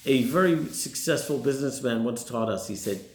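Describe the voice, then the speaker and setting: Rabbi guy giving a sermon, gravelly voice, keeps asking questions, echoey room. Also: medium pitch, lively intonation, normal speed. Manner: poses rhetorical questions to the listeners. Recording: roomy echo.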